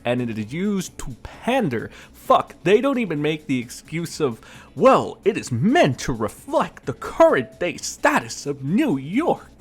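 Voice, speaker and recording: A man giving a profane, sarcastic rant as a gaming commentator. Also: mid-range voice. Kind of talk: ranting commentary vlog.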